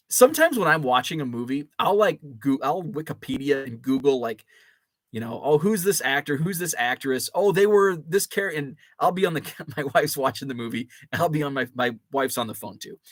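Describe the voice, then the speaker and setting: A man's voice: medium pitch, a bit bright, no echo. A man, hosting a casual live chat and reading viewer comments with many fillers and restarts. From Chicago area. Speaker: host.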